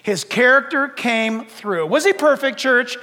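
A man preaching a sermon as pastor, animated, acting out little dialogues and rising to shouts. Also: very high-pitched, unhurried. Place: church sanctuary. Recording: long reverb of a church hall.

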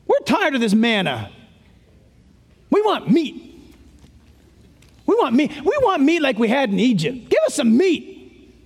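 A preacher voicing the complaining Israelites in the desert, petulant and repetitive. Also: male voice, extremely high pitch, wildly swooping pitch, unhurried, creaky, long pauses, husky, long reverb tail, heavily acted.

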